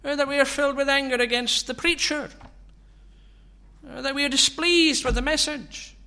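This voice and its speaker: A man preaching a sermon, asking slow, searching rhetorical questions. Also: extremely high pitch, fairly even intonation, vocal fry, bright, forceful tone.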